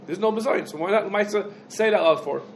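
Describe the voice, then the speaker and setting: High-voiced man giving a quick Talmud lesson. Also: slight background noise, low-quality recording. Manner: rapid, loose Hebrew-English lecture speech with restarts. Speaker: rabbi teaching a Talmud class. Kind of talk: halachic lecture to a class.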